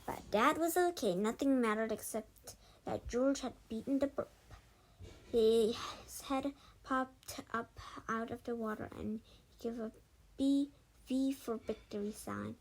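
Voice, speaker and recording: A woman with a fairly high voice reads a children's storybook aloud. Her narration is expressive and lively, with the odd stumble and restart left in. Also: a little slow, rough recording. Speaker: storybook reader.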